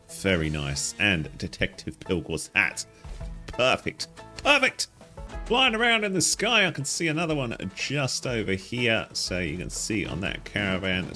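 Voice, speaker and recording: A chatty man talks through a gameplay walkthrough in a fairly low voice that leaps up with every little surprise. Faint game music plays underneath him. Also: a bit bright. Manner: chatty, easily delighted, frequent exclamations. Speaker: gaming guide host. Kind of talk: casual gameplay commentary.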